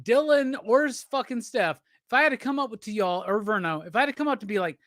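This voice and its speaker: A man's voice: sits high, expressive, fast talker, few pauses, fairly bright tone, dry recording, clean studio sound. A man hosting a casual livestream chat, drunk, profane and teasing as he rambles. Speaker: livestream host.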